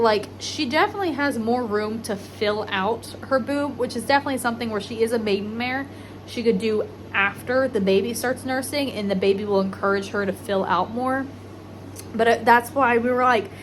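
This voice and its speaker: A woman filming a casual vlog while walking a horse barn at midnight, speaking quietly and often whispering so she won't disturb the mares. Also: on the high side, slight background noise. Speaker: horse breeder vlogger. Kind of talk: casual vlog, hushed late-night barn walk. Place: dark horse barn at night.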